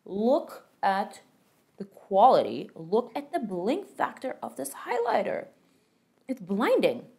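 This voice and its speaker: A woman's voice: medium pitch, huge pitch swings, slow pace, gravelly, dark tone. A young woman beauty vlogger chatting enthusiastically through a makeup tutorial and product review, with playful asides.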